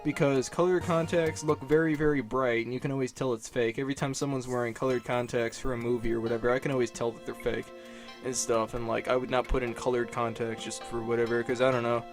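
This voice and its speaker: A young man from Illinois, talking on his own to the camera in a casual question-and-answer vlog. He rambles, swears freely and pokes fun at himself, with a mid-pitched voice over clearly audible music. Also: steady tone, fast talker. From Illinois, USA. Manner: rambling, profane, self-deprecating, lots of fillers. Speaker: YouTuber answering viewer questions. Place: dark room, alone.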